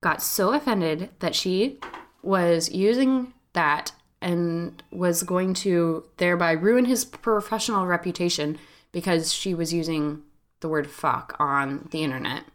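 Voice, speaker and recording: Female podcast host, 30s, lower pitch, animated casual storyteller. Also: a little slow. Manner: chatty, animated, frequent "like" fillers.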